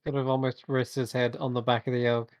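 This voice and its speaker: A man's voice: mid-range voice, flat delivery, quick pace, darkish tone, no room sound. Laid-back man narrating a tabletop game. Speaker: dungeon master.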